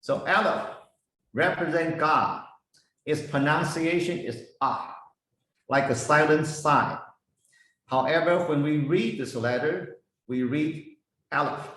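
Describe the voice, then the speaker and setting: A man teaching a Bible lesson, slowly spelling out Hebrew words and their meanings one by one. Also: fairly high pitch, fairly bright tone. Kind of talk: slow explanatory lesson. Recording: echoey room, voice heard from a distance.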